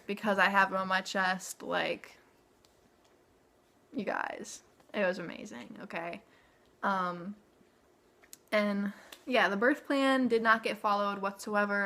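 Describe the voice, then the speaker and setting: A young woman tells her story straight to the camera from her home. Her voice is bright, and her pitch sits in the middle range. She talks in a chatty, tumbling way, full of "like" and "okay?" asides. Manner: chatty, frequent "like" and "okay?" tag questions. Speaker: vlogger.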